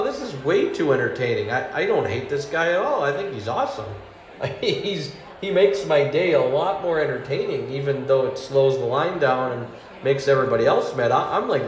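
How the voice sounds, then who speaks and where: In a reverberant recording with a little hiss or hum, a man with a mid-range voice performs stand-up storytelling about his job. He cracks himself up and voices other people's lines loudly as he acts them out.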